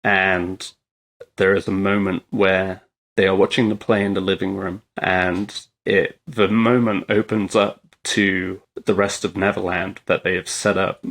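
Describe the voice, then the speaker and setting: A man with a slightly low voice talks through a solo podcast episode. His delivery is casual and candid. He swears freely and restarts his sentences as he goes. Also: level tone, a little slow, fairly bright tone. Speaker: podcast host. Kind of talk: solo podcast movie talk.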